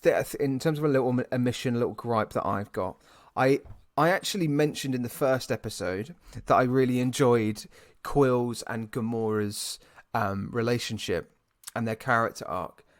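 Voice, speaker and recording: An excitable British man talks through a film review, building from a normal middle voice into a loud rant. He stumbles and restarts as his thoughts race ahead. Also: mid-range voice, normal speed. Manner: animated, ranting, with many restarts. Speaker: podcast co-host. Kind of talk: casual film review chat.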